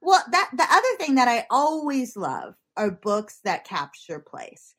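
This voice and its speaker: A woman's voice: a little high, huge pitch swings, a little slow, a bit bright. Giggly rambling woman interviewer. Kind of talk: casual interview chat.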